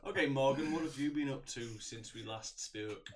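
A man's voice: medium pitch, a crowd in the background. A man co-hosting a comedy podcast, upbeat and asking the others questions. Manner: upbeat, quick to laugh, leads the questions. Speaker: podcast co-host. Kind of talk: casual comedic chat. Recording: faint background noise.

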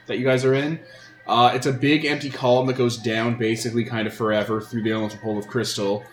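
A man's voice: mid-range voice, little pitch movement, quick pace. Man narrating a tabletop game. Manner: descriptive, filler-heavy narration. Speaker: game master. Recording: roomy sound with faint music.

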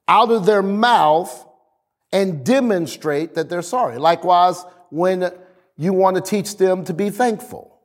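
A man preaching as a pastor, slowing for emphasis and acting out family scenes. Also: high voice. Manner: lively preaching, slows for emphasis, acts out family dialogue. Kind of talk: sermon.

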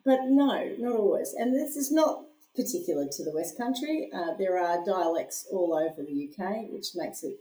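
A woman's voice: lowish voice, animated, normal speed, hardly any pauses, dark tone. A woman hosting a podcast, chatty and laughing, rambling through asides, a little hungover. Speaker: podcast host and storyteller. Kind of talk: casual chat. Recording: echoey room.

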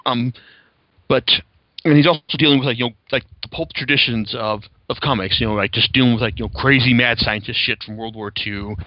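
A man's voice: medium pitch, fairly even intonation, fairly quick, highs cut off. A young man hosting a podcast, chatting casually about comics with lots of fillers and restarts. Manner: rambling, many fillers and restarts. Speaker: podcast host.

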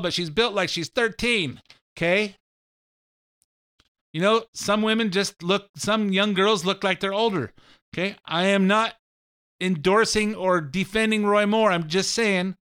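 A man's voice: sits high, a bit bright, clear, resonant tone. A middle-aged man hosting a show, talking through an opinionated monologue in a blunt, ranting way that often repeats itself. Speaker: show host.

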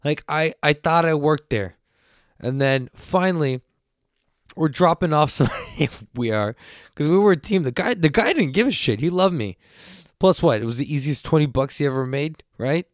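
With a fairly high voice, a podcast host past his twenties rambles through a casual story, swearing freely and drifting into asides, and livens up whenever he quotes someone. Clean studio sound, no echo.

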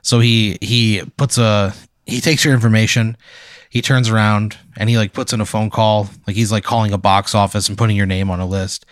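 A man's voice: on the low side, fairly even intonation, moderate pace, dry recording, clean studio sound. A man hosting and narrating an improvised second-person story, talking casually and ramblingly with lots of fillers. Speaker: host narrating a hypothetical.

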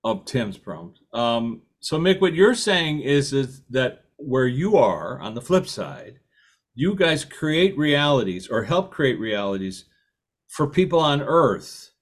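A male host chats with his guest in an easy, conversational way. His pitch moves around a lot as he talks, and he keeps prompting her with questions. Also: takes it slowly. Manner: animated, asks many questions. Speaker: podcast host. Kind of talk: casual conversation.

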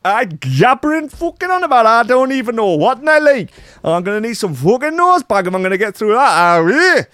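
A man putting on a high, crude voice as a rambling, foul-mouthed male head of state. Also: sing-song, a little fast, no echo, exaggerated voice. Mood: brash. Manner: crude, rambling, yelled in a mock accent.

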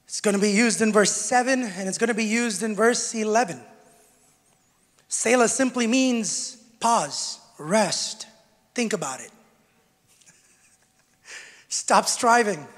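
High-voiced preacher in a reverberant hall. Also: male voice, slow pace, pauses often. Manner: swings from shouted preaching to quiet teaching; jokes with the congregation. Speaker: pastor. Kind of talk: sermon. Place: church hall with congregation. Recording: long church hall reverb.

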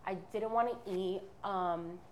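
A woman's voice: medium pitch, a little slow, a little mellow, a little hiss or hum. A woman in her twenties giving a candid, rambling personal testimony as a podcast guest. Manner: candid, rambling, many fillers and restarts.

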